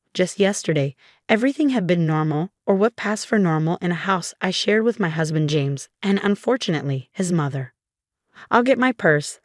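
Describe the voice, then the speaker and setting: A woman reading a scripted first-person story as narrator, in an even, measured way. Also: fairly low pitch, no echo, clean studio sound.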